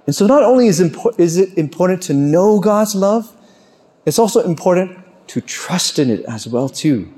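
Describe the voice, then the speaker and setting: Male preacher, earnest sermon delivery, voice on the higher side, slows and softens on key lines. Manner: earnest, rising on questions and dropping low and slow on key lines.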